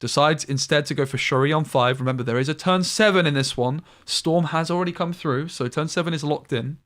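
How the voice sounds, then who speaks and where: A male esports caster talks through each play in a brisk, analytical way, with a voice that sits a little above the usual male range. He often breaks off to think aloud before returning to the action. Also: a little high, fairly bright tone. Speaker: tournament caster. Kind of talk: live esports play-by-play commentary.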